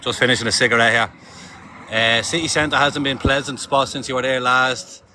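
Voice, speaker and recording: A man's voice: mid-range voice, fairly even intonation, moderate pace, bright, forceful tone, a little hiss or hum. An Irish man chatting casually on a live stream from city streets, reading viewer comments aloud and swearing freely.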